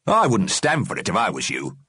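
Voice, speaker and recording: A man's voice: low voice, huge pitch swings, brisk, bright, forceful tone, breathy edge, no echo, studio quality, exaggerated voice. A man voicing a blunt, argumentative working-class male ghost agitator.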